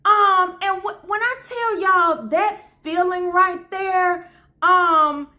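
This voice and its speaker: A woman from Memphis, telling a funny personal story to her viewers in an animated, folksy way. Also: extremely high pitch, slow. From Memphis, Tennessee. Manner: animated, talks straight to viewers with folksy asides. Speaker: storyteller host.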